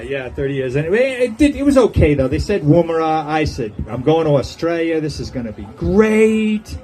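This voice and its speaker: Older man telling jokes in a farewell speech, lively rising-and-falling delivery, slightly high voice, chuckles at his own lines. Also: poor audio. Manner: joking storyteller who chuckles at his own punchlines. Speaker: departing resident giving a farewell speech. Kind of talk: humorous farewell speech to a gathering. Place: outdoor golf club patio.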